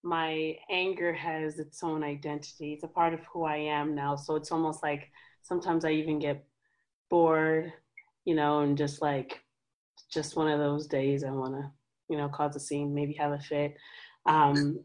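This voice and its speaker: A woman in a coaching group opens up about her own experience. She talks candidly, often stopping on fillers while she looks for the right words. Her voice sits low for a woman. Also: flat delivery, measured pace, low-quality recording. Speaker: coaching client. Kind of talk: sharing a personal story.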